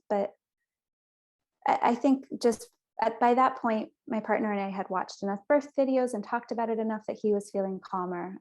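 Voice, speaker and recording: A woman's voice: mid-range voice, a little mellow. A young woman guest on a podcast, telling her personal story in an earnest, chatty way. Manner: earnest, chatty, with small restarts.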